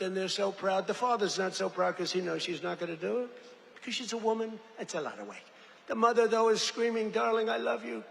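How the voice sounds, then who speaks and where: A man's voice: high-pitched, vocal fry, a bit bright, slight background noise. An older man giving a rambling, boastful rally speech from a podium, with mocking asides and acted-out quotes. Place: large event venue. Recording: reverberant venue with faint ambience.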